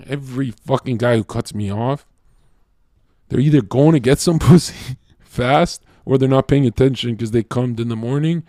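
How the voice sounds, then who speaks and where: A man's voice: medium pitch, normal speed, dark tone, no echo, clean studio sound. Brash profane man ranting to chat. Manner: brash, profane and heated, lecturing. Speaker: streamer. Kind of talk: livestream rant to chat.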